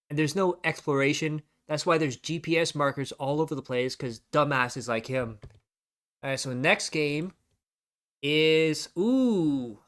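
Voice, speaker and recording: A man's voice: on the high side, a bit bright. A man giving sarcastic, mocking reaction commentary over stream clips.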